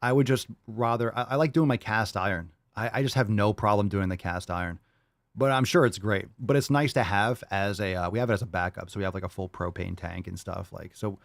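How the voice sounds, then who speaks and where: A man's voice: lowish voice, a little fast, creaky, dry recording, studio quality. A young man hosting a podcast, talking loosely and casually, laughing often and swearing freely. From Florida. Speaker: podcast host.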